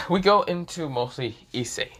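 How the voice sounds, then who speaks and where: A man's voice: a little high, animated, a little slow, a bit bright. Rambling man narrating a fan story. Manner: rambling, hesitant, many fillers.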